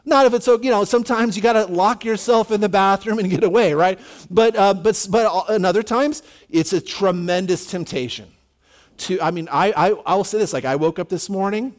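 A pastor preaching a conversational sermon to his congregation, often saying "you know" and restarting his sentences. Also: high-pitched. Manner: casual, repeats words and restarts, says "you know" often.

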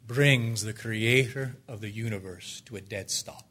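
A man preaching a sermon, swinging from loud, ringing declarations down to hushed, pleading near-whispers. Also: fairly low pitch, measured pace, hardly any pauses, slightly rough.

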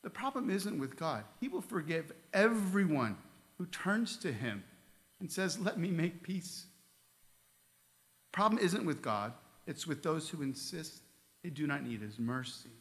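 A man's voice: a little high, very animated, a little slow, a bit bright. A male pastor preaching a sermon in a church, reading scripture aloud and asking the congregation earnest questions. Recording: long reverb of a large hall.

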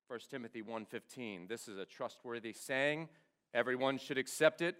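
A man preaching a sermon to students, swinging between loud emphasis and hushed drops. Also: medium pitch, moderate pace, clean tone. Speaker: youth pastor.

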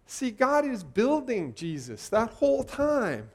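A man in his forties delivers a sermon with a notably high-pitched voice. He keeps it conversational, throwing rhetorical questions at his listeners as he preaches. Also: wildly swooping pitch, slow, a little mellow. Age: 40s.

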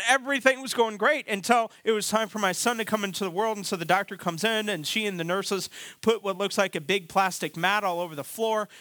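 A man in his thirties preaching a sermon, telling a funny family story with animated, self-deprecating delivery. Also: high voice. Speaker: pastor.

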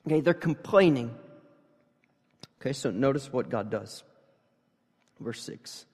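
Preacher with echoing hall reverb. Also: male voice, medium pitch, animated, unhurried, husky. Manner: swings from quiet reading to loud emphatic preaching; conversational, with fillers and restarts. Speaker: pastor. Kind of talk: sermon.

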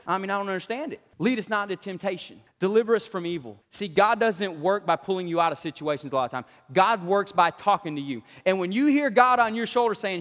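A man's voice: high voice, fairly quick. Man, preaching, laughs between points, echoing church hall. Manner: animated, joking, laughs often. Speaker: pastor. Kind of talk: sermon. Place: church sanctuary. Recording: long church hall reverb.

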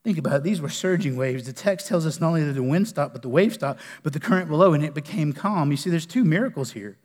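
A man preaching a folksy sermon, his high voice sinking to a near hush and then rising into loud bursts. The sound rings with the long reverb of a large hall. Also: fast talker. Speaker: pastor.

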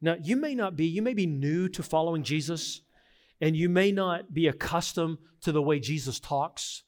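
A middle-aged man gives a sermon as pastor, his voice a little high. Earnest and emphatic, he swings from quiet reflection to forceful insistence and back.

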